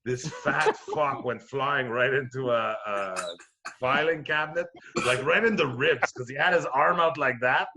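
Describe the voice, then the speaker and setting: A middle-aged man from Quebec, a comedian telling a rowdy story in casual chat, profane and animated, acting out the voices of the people in it. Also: mid-range voice, measured pace, vocal fry, heavy background noise. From Quebec, Canada. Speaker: comedian guest.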